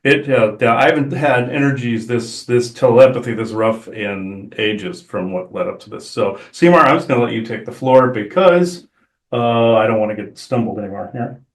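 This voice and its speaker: A man hosting and channeling, talking casually in a halting way with many restarts. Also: mid-range voice. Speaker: channeler and show host. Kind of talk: casual chat. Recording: roomy echo.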